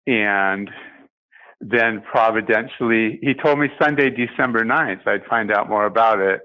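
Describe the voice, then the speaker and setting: An older man giving a personal testimony as an interview guest, speaking haltingly with many pauses and restarts. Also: on the low side, bright, forceful tone, dull audio.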